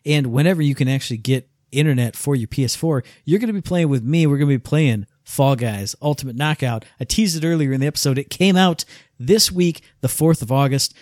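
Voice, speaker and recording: A man's voice: mid-range voice, a little fast, a little mellow, dry recording, studio quality. A man co-hosting a casual podcast, chatting in a wry, sarcastic way. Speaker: podcast co-host.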